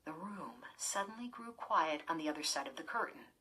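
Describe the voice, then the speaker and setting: Sex: woman. Role: audiobook narrator. Style: scripted horror story narration. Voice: bright, husky. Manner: measured. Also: sits low, animated, rough recording.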